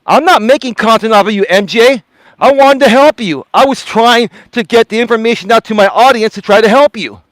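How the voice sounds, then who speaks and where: Man, high voice, dry close sound, indignant, lecturing, repetitive, live walking stream. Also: a little fast, no echo. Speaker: life coach streamer. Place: outdoors walking.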